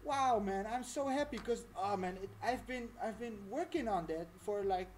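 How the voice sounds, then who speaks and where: A woman's voice: mid-range voice, lively intonation, normal speed, a little mellow, a little hiss or hum. Rambling woman streaming a casual tutorial. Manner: rambling, chatty, laughs often.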